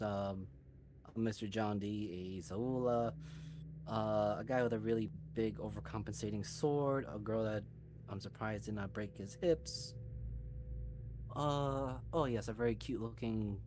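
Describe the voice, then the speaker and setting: A man doing a small shrill cat demigoddess. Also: steady tone, slow, darkish tone, slight background noise. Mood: chatty. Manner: chatty and rambling, with fillers. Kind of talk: tabletop role-play voicing.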